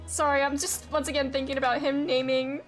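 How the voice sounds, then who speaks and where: A woman's voice: high-pitched, little pitch movement, a little fast, soft background music. A woman streamer giving casual, emotional commentary on a story game, swearing casually.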